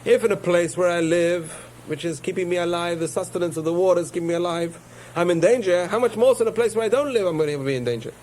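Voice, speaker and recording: A man voicing a fretful high-pitched fish. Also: fast talker, a little mellow, a little hiss or hum, lightly acted. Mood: scornful. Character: anxious, agitated fish fretting about traps.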